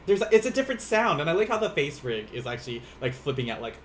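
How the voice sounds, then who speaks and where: A young man hosting a casual home livestream lesson, his voice riding up and down in lively swings and sitting a touch high for a man. He rambles with plenty of fillers and pokes fun at himself. A faint hiss sits under the recording. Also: fast talker. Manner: rambling, self-mocking, laughs often, lots of fillers. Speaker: Japanese teacher. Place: home room.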